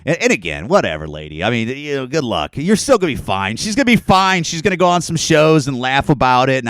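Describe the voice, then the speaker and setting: A man's voice: medium pitch, big pitch swings, a little fast, no echo. A man hosting a podcast alone, talking in a rambling, profane, sarcastic way. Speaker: podcast host. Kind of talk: casual solo podcast rant.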